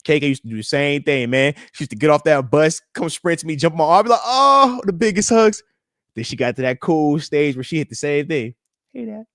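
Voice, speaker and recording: A man's voice: fairly high pitch, animated, fairly quick, no room sound, clean studio sound. Hype slangy man hosting a live stream. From United States. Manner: loose and hype, slangy, calls out chat comments. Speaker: podcast host. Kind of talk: live-stream chat with viewers.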